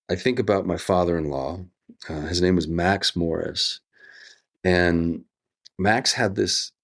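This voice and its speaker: A middle-aged American man speaking as an actor guest in an interview, earnest and reflective, telling stories with drawn-out pauses. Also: low voice. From United States.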